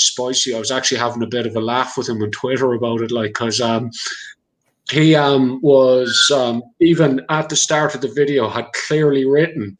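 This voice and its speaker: A man's voice: medium pitch, rough recording. A man with a rural Leinster Irish accent hosting a livestream chat over a video call, rambling with lots of fillers. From Ireland. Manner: rambling, many fillers, laughs easily. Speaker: livestream host. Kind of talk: casual chat.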